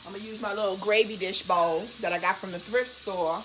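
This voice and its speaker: A woman's voice: medium pitch, fairly even intonation, brisk, reverberant, background noise. A woman vlogger cooking in her home kitchen, chatting playfully to viewers with laughing asides. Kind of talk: casual cooking demonstration.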